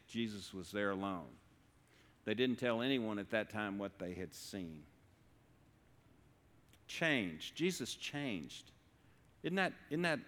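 A man's voice: mid-range voice, a bit bright. A middle-aged man, speaking as a guest speaker at church, folksy and self-deprecating. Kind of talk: humorous church talk. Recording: long hall reverb.

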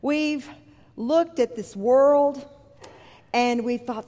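Unhurried woman preacher in a reverberant hall. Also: a little high, sing-song, dark tone. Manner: conversational, vivid retelling of scripture. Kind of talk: sermon with scripture reading. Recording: long reverb from a large hall.

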